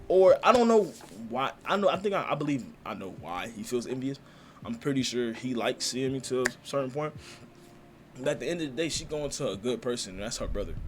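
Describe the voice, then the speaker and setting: A man of medium pitch reacts to a manga chapter in casual, slangy commentary, getting excited and laughing easily. A faint hiss or hum sits under the recording.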